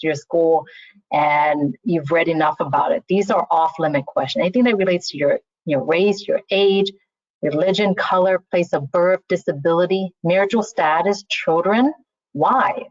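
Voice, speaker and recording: A woman's voice: fairly low pitch, moderate pace, no echo. A woman recruiter speaking casually in a webinar, often saying "you know" and restarting her sentences. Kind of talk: webinar talk on interview skills. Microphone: video call. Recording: slightly muffled, dry online call audio.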